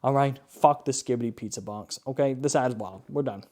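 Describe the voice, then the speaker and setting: A Canadian host with a dark, mid-range voice, talking a little fast, reviews bad ads in a swearing-heavy rant. He sounds exasperated and keeps asking "okay?".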